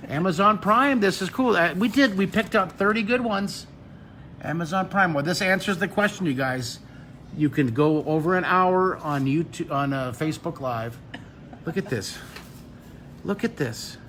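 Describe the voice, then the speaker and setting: A man teaching drawing on a live webcast, chatting with fans in a jokey, excitable way and breaking into delighted exclamations. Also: high-pitched, a little slow, slight background noise. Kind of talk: lively live-stream chat with fans. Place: a restaurant.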